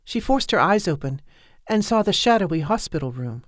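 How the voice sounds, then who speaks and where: A woman narrating a novel as an audiobook in a measured, even manner. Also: on the low side, no echo, clean studio sound.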